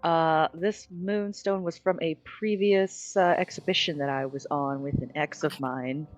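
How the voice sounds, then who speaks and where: Low-voiced woman playing a tabletop game. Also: steady tone, measured pace, dull audio, soft background music. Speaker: player. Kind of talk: casual in-character play.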